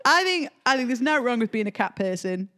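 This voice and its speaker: Lively Northumbrian woman hosting a podcast. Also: on the high side, fairly quick. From Northumberland, England. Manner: chatty, playful, restarts often. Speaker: podcast host. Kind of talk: casual comedic chat.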